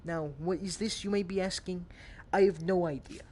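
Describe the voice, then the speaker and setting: A man's voice: high-pitched, steady tone, normal speed, darkish tone, a little hiss or hum. Young man rambling over gameplay. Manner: joking, rambling, swearing. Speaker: gamer. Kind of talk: casual VR gameplay commentary.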